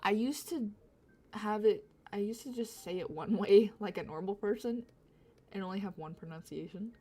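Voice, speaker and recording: A woman's voice: medium pitch, moderate pace, warm tone, husky. A young woman with a slight Southern US accent, chatting casually to her stream while she draws, rambling, giggly and self-correcting. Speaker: drawing livestreamer. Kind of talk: casual chat while drawing.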